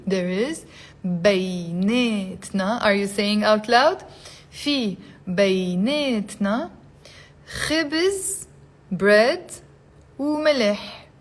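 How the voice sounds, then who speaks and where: A woman teaching Arabic in a live online lesson. She repeats phrases slowly, then coaxes her viewers to say them aloud with her. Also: mid-range voice.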